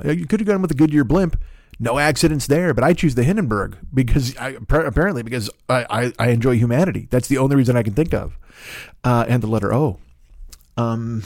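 A man's voice: medium pitch, darkish tone, no room sound, clean studio sound. A man in his fifties hosting a solo podcast, telling rambling, profane, self-mocking comic stories in casual chat. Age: 50s. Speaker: podcast host.

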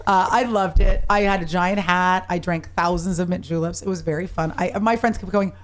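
A woman guest on a talk show, tipsy and with her voice worn from singing, telling stories in a lively way and swearing casually. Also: lowish voice, moderate pace, a little hiss or hum. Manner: animated storyteller, swearing. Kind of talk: casual chat.

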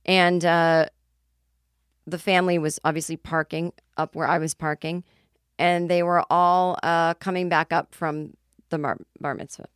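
A woman podcast host in her forties telling a story in a casual monologue, animated and with sudden shrieks. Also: on the low side, measured pace, clear, resonant tone, dry recording, studio quality.

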